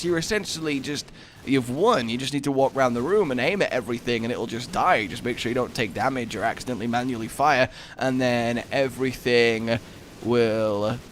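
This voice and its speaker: Animated young man telling stories. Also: medium pitch, slight background noise. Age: 20s. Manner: excitable anecdote-telling, bursts into loud exclamations. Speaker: gaming YouTuber. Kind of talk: gameplay commentary with storytelling.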